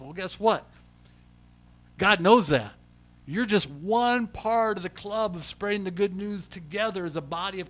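A man preaches a sermon in a bright, forward voice that sits a little high for a man. He moves between hushed storytelling and loud, emphatic declarations. He often repeats words when he restarts a phrase. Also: unhurried. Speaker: pastor.

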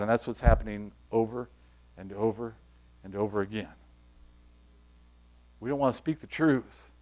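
A man preaching a sermon in a conversational, emphatic way, repeating key phrases and asking the congregation questions. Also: mid-range voice. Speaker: pastor.

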